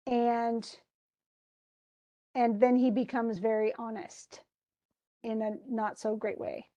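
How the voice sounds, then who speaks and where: Chatty woman teacher, higher voice. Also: level tone, slow pace, warm tone. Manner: chatty, reads quotes aloud, laughs often. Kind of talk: literature class discussion.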